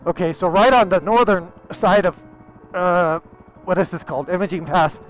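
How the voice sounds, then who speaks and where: A man's voice: high-pitched, moderate pace, soft background music, low-quality recording. A man vlogging his motorcycle ride over a mountain pass outdoors, talking casually and exclaiming with open emotion. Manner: excitable, exclaiming, openly emotional. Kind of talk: casual narration while riding.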